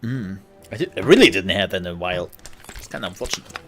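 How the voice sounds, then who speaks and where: A man's voice: sits low, animated, fast talker, fairly bright tone, soft background music. A man casually commenting while streaming a video game, playful and rambling, joking to himself.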